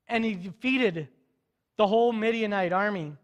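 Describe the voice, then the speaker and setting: High-voiced preacher in a reverberant hall. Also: male voice, normal speed, highs cut off. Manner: storytelling, voicing biblical characters in casual modern speech. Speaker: pastor. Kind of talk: sermon.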